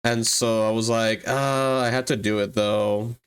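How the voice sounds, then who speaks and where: Chill slow-talking streamer, swears a lot, laughs, squeaks up high when hyped. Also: clean tone. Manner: excitable, swears, laughs often, big jumps in pitch. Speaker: livestreamer and 3D artist. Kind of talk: casual livestream chat.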